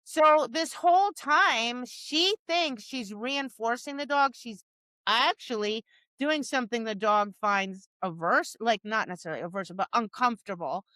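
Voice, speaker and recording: On a podcast she co-hosts, a woman who trains dogs talks casually at a moderate pace, her voice bright and a little high. She acts out quotes in her animated stories and restarts many times, all captured dry on a close mic.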